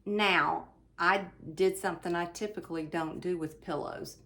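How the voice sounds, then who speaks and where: A woman hosting her own craft channel, chatting casually at home as she shows her finished projects, often pausing with ums and speaking to viewers as "you all.". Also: on the low side, fairly even intonation, bright, forceful tone. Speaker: cross-stitch channel host. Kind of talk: casual show-and-tell chat. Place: indoors at home, fan running.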